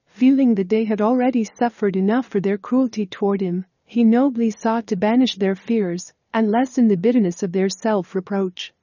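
A woman reads a Bible story in measured, formal narration. Her voice is mellow and sits at a middle pitch. The recording is dry and a little dull and lo-fi. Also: dry recording.

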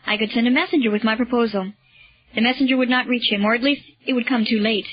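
An agitated man torn between pity and loyalty, as a woman reader voices him. He speaks emphatically in a fairly high voice, and the recording is dull and lo-fi. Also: steady tone, quick pace, husky, soft background music. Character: anguished grown man refusing a friend.

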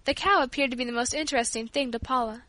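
A woman narrates a storybook with clear, even delivery. Her voice sits high and bright, recorded close and dry with no room sound. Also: fast, no echo. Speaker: audiobook reader. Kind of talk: scripted narration.

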